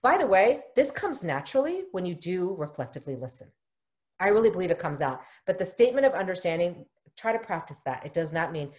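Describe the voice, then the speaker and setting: A woman's voice: on the low side, big pitch swings, fast talker. A middle-aged woman, a family therapist, leading a workshop for parents and often acting out what parents and children say in quoted lines. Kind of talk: live online workshop talk.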